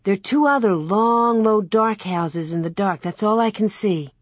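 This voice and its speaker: A woman's voice: medium pitch, normal speed, breathy edge, no room sound, clean studio sound, voice pushed up, lightly acted. A woman reading an audiobook voices an earnest young pioneer girl who describes what she sees aloud. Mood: eager. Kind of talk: audiobook character voice.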